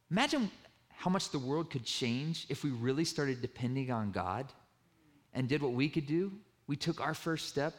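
A man's voice: animated, moderate pace. A middle-aged man preaching a sermon, telling stories and acting out the dialogue as he goes. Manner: storytelling, acts out dialogue with a raised pitch. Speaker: pastor.

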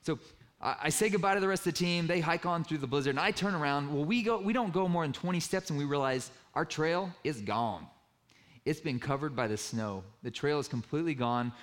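Guy telling a funny sermon story to a room, kinda higher voice, acts out all the lines. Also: fairly quick. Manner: lively, self-mocking storytelling that acts out quoted dialogue. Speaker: speaker telling a personal story to an audience. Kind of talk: sermon-style personal storytelling. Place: room with a live audience.

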